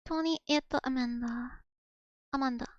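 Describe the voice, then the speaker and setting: Practicing Russian words out loud, a young streamer keeps things chatty and self-deprecating, saying "like" a lot as she sounds them out. She has a high voice with fairly even intonation at a normal speed, and the audio is dull but free of echo.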